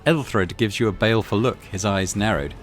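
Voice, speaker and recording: A man's voice: fairly low pitch, a little fast, slight background noise. A man hosting a game let's play, reading the text aloud with wry, chatty asides.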